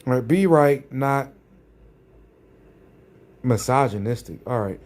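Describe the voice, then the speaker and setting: A man's voice: medium pitch, lively intonation, slow, darkish tone. Sarcastic, combative man ranting. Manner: repeats phrases for emphasis. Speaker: vlogger. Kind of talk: ranting commentary.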